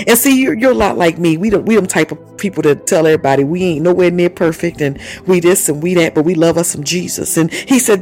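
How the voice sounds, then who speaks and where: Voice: mid-range voice, brisk, few pauses, a little mellow. Fervent prayer leader speaking in tongues. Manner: prays in tongues between repeated invocations; delivers prophetic words to one listener. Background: faint music.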